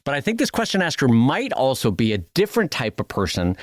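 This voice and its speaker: Male podcast co-host, lively swooping pitch, dry close sound, casual chat. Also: no echo. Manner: animated, quick bursts, acts out quoted voices.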